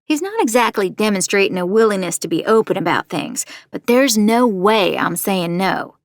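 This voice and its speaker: A woman plays a wary, determined young podcaster who tells her story in a measured, confiding voice. Her pitch sits in the middle range for a woman. The sound is close and dry, with no room around it. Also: lively intonation, no room sound, close to an everyday voice. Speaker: narrator. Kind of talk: first-person audio drama narration.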